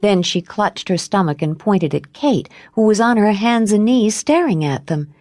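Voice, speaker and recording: A woman narrates a romance novel as an audiobook reader, giving a measured and expressive scripted performance. Her voice is medium in pitch, and the studio recording is clean with no echo.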